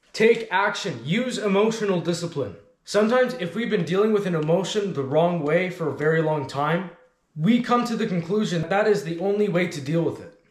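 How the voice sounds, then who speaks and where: A man's voice: high voice, reverberant. Blunt, commanding motivational man. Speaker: self-improvement channel host. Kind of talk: motivational talk to camera.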